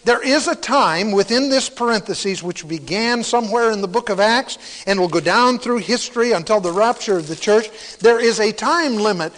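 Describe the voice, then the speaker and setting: A man preaching a sermon to a congregation, emphatic, with sudden quiet, near-whispered asides for stress. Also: high voice, normal speed, few pauses, long reverb tail, rough recording.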